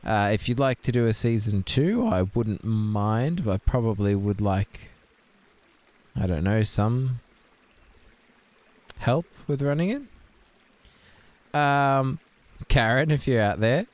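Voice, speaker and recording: A young man hosts an improvised comedy podcast in a mock-serious tone. He rambles and hesitates, often trailing off mid-thought. His voice sits at a middling pitch. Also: expressive, slow pace, pauses often, a little mellow. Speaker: podcast host.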